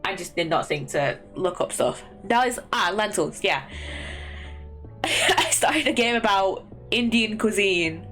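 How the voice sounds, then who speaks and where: Chatty woman streamer with lively pitch. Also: slow, soft background music. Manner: chatty, laughing, rambling. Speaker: streamer playing a game. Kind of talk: casual gameplay commentary.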